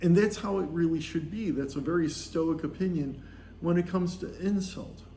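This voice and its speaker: A man's voice: on the high side, moderate pace, mellow, roomy sound. A man in his sixties telling a story in a casual vlog monologue, rambling along with many fillers and small chuckles. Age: 60s. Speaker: vlogger on a pilgrimage.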